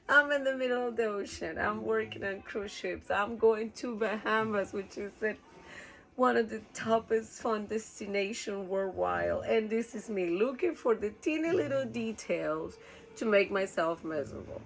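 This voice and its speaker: Woman rambling thru a story, gravelly voice, laughs and swears a lot. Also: medium pitch, a little slow, poor audio. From Costa Rica. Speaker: cruise ship worker. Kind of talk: casual storytelling monologue.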